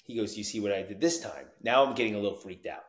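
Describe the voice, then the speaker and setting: A recovery coach from New Jersey tells his story as a podcast guest, animatedly acting out the lines of the people in it and often saying "you know what I mean." His voice is fairly low and fast, in an echoey room.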